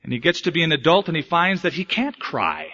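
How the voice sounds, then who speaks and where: A man preaching a sermon, swinging between hushed, slow lines and emphatic, raised ones. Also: on the high side, huge pitch swings. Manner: dramatic swings between soft and emphatic delivery. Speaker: pastor. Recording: muffled lo-fi recording.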